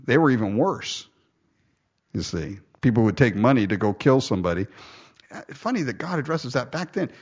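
Man, sermon, husky voice, lively swooping pitch, joking asides, dull lo-fi recording. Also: moderate pace. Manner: jokey, conversational asides. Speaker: preacher. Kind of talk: sermon with scripture reading.

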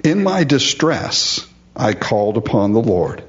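In dull-sounding audio, a pastor preaches with great animation, a mid-range voice, and a slightly slow pace. He speaks straight to the congregation as "folks," building to emphatic lifts on important words.

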